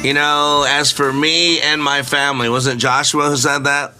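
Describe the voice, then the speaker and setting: A man's voice: fairly high pitch, little pitch movement, unhurried, bright, forceful tone, smooth, faint music behind. A middle-aged man hosting a motivational radio show, speaking in an emphatic, preacherly way with jokey asides.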